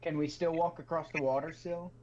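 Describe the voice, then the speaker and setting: A man's voice: on the high side, fairly even intonation, brisk, darkish tone. A man playing in a casual tabletop game, blunt and decisive, heard over a dull lo-fi mic. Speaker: player.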